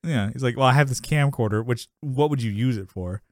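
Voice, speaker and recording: A man's voice: mid-range voice, a little fast, no room sound, clean studio sound. A man co-hosting a podcast, recapping a sitcom episode in casual chat, rambling, laughing often and acting out quotes.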